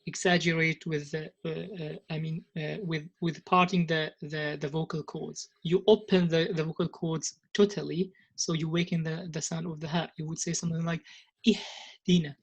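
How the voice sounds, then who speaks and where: This is a woman, teaching a lesson on Quranic pronunciation. She explains patiently, breaking off and restarting her sentences, and slows right down to demonstrate each sound. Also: low voice, level tone, muffled recording. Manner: slow deliberate demonstrations, frequent hesitations and restarts. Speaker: Tajweed teacher.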